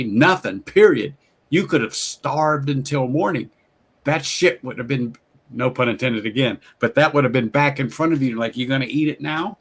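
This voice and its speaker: A middle-aged man hosting a casual chat, telling stories with lively quoted voices and frequent laughter. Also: fairly low pitch, gravelly, breathy edge. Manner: storytelling, animated quoted voices, laughs often. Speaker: host.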